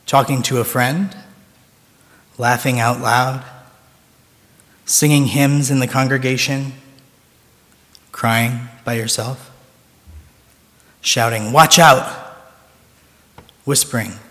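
A male preacher giving a sermon that leads a slow, soft guided breathing meditation. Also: medium pitch, fairly even intonation. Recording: long reverb of a large room.

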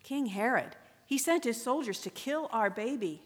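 A woman's voice: on the high side, expressive, normal speed. A woman reading aloud as a frightened, weary young husband fleeing with his family, earnest and pleading. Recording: echoey room with long reverb.

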